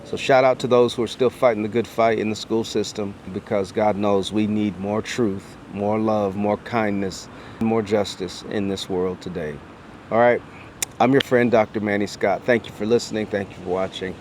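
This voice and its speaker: A man's voice: fairly low pitch, steady tone, moderate pace, a little mellow, slight background noise. A middle-aged man, an educator, telling a personal story to camera in an earnest voice that builds through strings of repeated phrases like a preacher. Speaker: educator and speaker.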